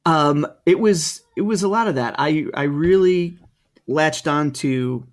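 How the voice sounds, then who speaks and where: A man's voice: fairly high pitch, unhurried. A middle-aged man co-hosting a podcast, talking casually and hesitantly with lots of ums and restarts. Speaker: podcast co-host. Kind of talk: casual chat.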